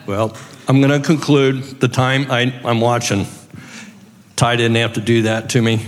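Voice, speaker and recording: A man's voice: medium pitch, little pitch movement, a little slow, slight background noise. A man wrapping up a church presentation in a plain, matter-of-fact way. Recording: long reverb of a large hall.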